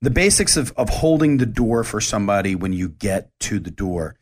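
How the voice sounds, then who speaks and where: A man's voice: on the low side, very animated, normal speed. A man, hosting his own show in a candid, rambling monologue full of restarts. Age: 40s. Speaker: show host. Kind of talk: casual monologue.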